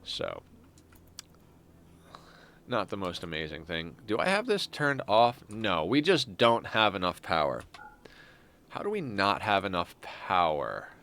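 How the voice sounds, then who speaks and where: A man's voice: deep voice, huge pitch swings, measured pace, pauses often, sharp tone. A man streaming a strategy game, thinking aloud in a rambling, casual way with frequent restarts. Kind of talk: casual gameplay commentary.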